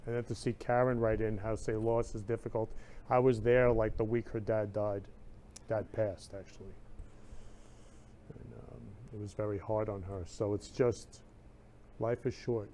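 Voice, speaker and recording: A man's voice: on the low side, level tone, normal speed, dark tone, slight background noise. A man hosting a live-streamed talk show, emotional and effusive, reading viewer comments aloud and sending love to them. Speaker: show host.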